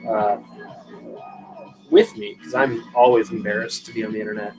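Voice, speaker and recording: A man's voice: lowish voice, fairly even intonation, normal speed, pauses often, rough recording. A young man hosting a live stream, rambling casually to viewers and swearing freely while he drinks a beer. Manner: rambling, profane, self-deprecating, chatting to viewers. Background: music playing.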